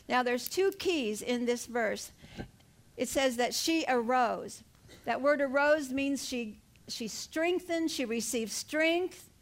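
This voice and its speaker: An older woman preaching an earnest sermon, telling her own story and rising to fervent emphasis. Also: high-pitched. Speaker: pastor.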